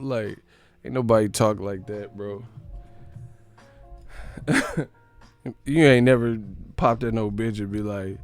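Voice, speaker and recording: Slow-talking, mocking streamer man. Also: on the low side, smooth, faint music behind. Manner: mocking, crude, laughs often, mimics people. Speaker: live stream host. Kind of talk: casual profane commentary reacting to chat.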